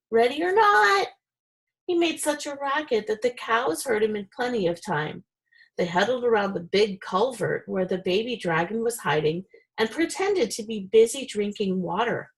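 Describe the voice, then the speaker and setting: A woman reading a children's chapter book aloud in a steady, expressive way. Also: medium pitch, low-quality recording. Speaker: reader. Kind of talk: storybook reading.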